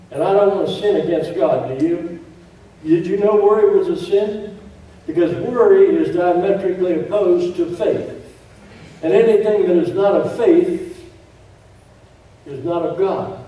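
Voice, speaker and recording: A man's voice: sits high, dark tone. A man preaching a sermon, emphatic, repeating key phrases with joking asides. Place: church sanctuary. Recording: echoey church room, distant mic.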